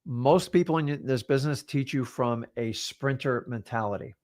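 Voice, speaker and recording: A man's voice: mid-range voice, moderate pace, a little mellow, dry recording, clean studio sound. A middle-aged man, a real estate coach, giving a blunt motivational masterclass and swearing casually as he talks.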